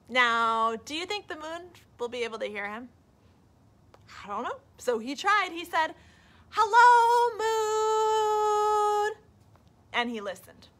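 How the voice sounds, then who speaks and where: A woman librarian reading a picture book aloud at a children's storytime, animated and asking the kids questions. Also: a little high.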